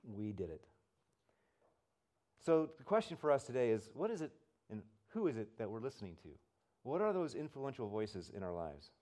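A man preaching a sermon as pastor, telling stories conversationally and swinging from loud and emphatic to soft and hushed. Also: medium pitch, big pitch swings, normal speed, long pauses. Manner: conversational storytelling, swells loud then drops soft.

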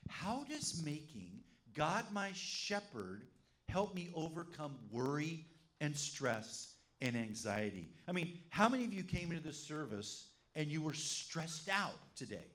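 A man's voice: fairly high pitch, a little slow. A man, a pastor, preaching a sermon to his congregation, telling stories and asking the room questions. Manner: animated storytelling, asks the congregation questions. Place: church service.

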